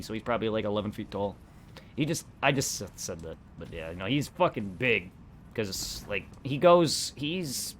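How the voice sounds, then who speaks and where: Rambling, excitable young man streaming. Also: on the low side, a little hiss or hum. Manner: rambling, excitable, swears a lot. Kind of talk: casual gameplay commentary.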